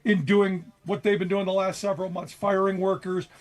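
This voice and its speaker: A man with a notably high voice, joining a radio show as a guest host. He speaks with passion and dry sarcasm, building his points steadily. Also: little pitch movement, moderate pace. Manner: sarcastic, passionate political commentary. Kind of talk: casual talk radio.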